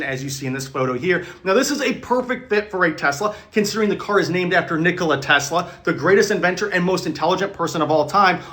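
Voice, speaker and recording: A man delivering an excited promotional pitch as news and investment commentary, repeating superlatives.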